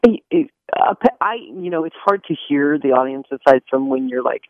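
A man's voice: fairly high pitch, expressive, moderate pace, no echo, phone-quality sound. A man, a stage actor, chatting as a guest in an interview, joking and laughing with many restarts. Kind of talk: casual interview chat.

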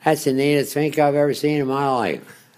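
An older man putting on the voice of an excited Baltimore cab driver with a Baltimore accent. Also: fairly high pitch, moderate pace, clear, resonant tone, voice pushed up, close to an everyday voice. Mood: amazed.

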